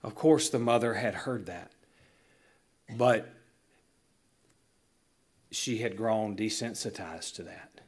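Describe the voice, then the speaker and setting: A male pastor delivering a sermon in a church, earnest and illustrative, slowing down to stress key lines. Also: on the low side, husky. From Southern United States. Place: church sanctuary.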